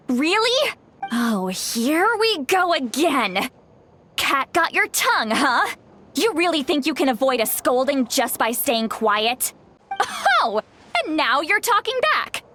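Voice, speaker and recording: A woman's voice: sits high, pushed and bright, exaggerated voice. An actress voicing a feisty, sassy granny who looks younger than her age and scolds sharply in game voice lines. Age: older. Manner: sassy, scolding, quick to anger. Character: feisty youthful-looking old granny, scolding, fierce. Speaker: game character voice.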